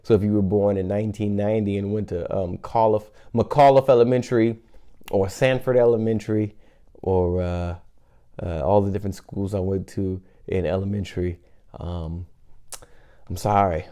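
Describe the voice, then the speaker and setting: A man's voice: fairly low pitch, steady tone, moderate pace, warm tone. A man in his thirties, a podcast host telling a childhood story in a casual, rambling, chatty way. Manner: rambling, chatty, full of fillers.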